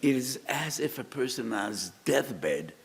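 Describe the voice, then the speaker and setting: An older man delivers a sermon-style lecture in a slow, gravelly low voice. His carry a sound. The recording has a long reverb and a faint hiss behind it. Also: big pitch swings. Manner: slow, storytelling delivery that rises to cries in acted pleas. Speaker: rabbi giving a weekly lecture.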